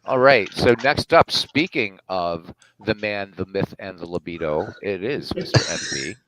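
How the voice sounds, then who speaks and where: A man hosting a casual online draft chat, animated and joking. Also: sits low, normal speed, low-quality recording. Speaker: draft host.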